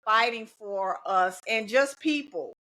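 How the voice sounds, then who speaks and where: On a podcast, a middle-aged woman who teaches and organizes for her union talks slowly in a high, bright, pushed voice. She comes across as casual and determined, speaks in slogans, and laughs easily.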